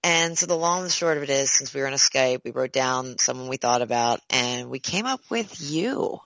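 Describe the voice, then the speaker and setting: A woman chatting as a conference co-chair, high energy and excitable, often restarting and repeating words. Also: a little fast, dry recording, rough recording. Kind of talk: casual conversation.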